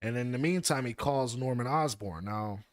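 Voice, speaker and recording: A man in a dry, close-sounding room talks through a comic book plot at a casual pace. His storytelling is animated and profanity-laced, and his voice sits at a mid pitch. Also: moderate pace, no room sound. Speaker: podcast co-host.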